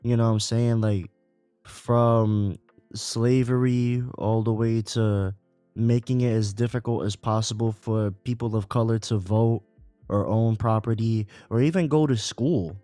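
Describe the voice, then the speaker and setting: This podcast co-host has a voice on the low side and an unhurried pace as he discusses politics casually, swearing often and using plenty of fillers in an animated manner. There's no room sound, just soft music in the background.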